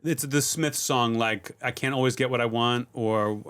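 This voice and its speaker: A middle-aged man speaks at an ordinary, middling pitch. He is a comedian and a podcast guest, telling his stories in a loose, relaxed way with plenty of fillers. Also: moderate pace, smooth. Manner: relaxed, rambling storytelling with many fillers. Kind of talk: casual podcast chat.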